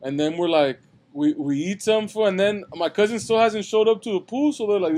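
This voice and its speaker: High-voiced young man telling a rambling story. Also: fairly quick, darkish tone. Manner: rambling, slangy, ends phrases with "fool". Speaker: podcast co-host telling a story. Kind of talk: casual storytelling chat.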